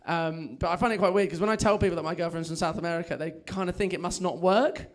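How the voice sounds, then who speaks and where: Fast and high-pitched, a young man from England does a stand-up set at a comedy club, mocking himself in a chatty way and cracking up at his own jokes before the live crowd.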